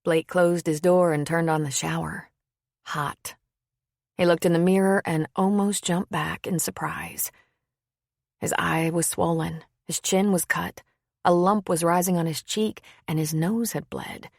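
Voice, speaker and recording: A woman narrating an audiobook with a steady, even reading. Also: fairly low pitch, a little slow, vocal fry, no room sound, studio quality. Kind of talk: scripted narration.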